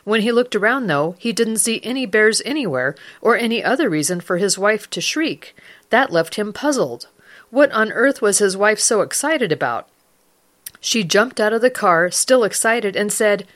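A woman presents a scripted radio news feature at a measured pace. Her voice sits at a middle pitch, and she reads steadily through the copy as the program's host. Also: lively intonation, a bit bright.

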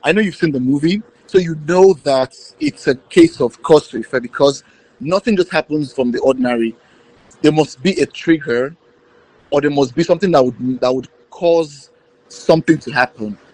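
A man's voice: fairly high pitch, normal speed, a little mellow, rough recording. A man, a filmmaker, giving rambling interview answers full of fillers and restarts. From Nigeria.

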